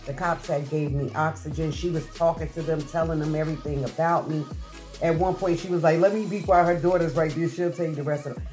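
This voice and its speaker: A woman's voice: deep voice, steady tone, fairly quick, a little mellow, soft background music. A middle-aged woman vlogger telling a personal story to her viewers in a chatty, heartfelt way, with many fillers and restarts. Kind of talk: casual storytelling to camera.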